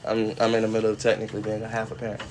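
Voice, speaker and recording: A man hosting a casual livestream from home, rambling and swearing, who now and then breaks off to yell at dogs near a porch. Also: on the low side, monotone, very fast, background noise. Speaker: livestream host.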